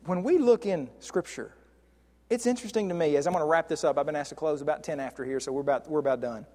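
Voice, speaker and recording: A man preaching a sermon in a conversational way, often restarting and drawing out key words slowly. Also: a little high, mellow. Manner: conversational, with frequent restarts and slow stressed words. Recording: long hall reverb.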